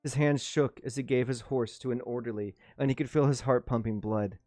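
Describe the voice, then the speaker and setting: A man's voice: medium pitch, steady tone, fairly quick, warm tone, no echo, studio quality, faint music behind. A man reading a novel aloud on a livestream, with casual asides and small restarts. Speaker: livestream book reader.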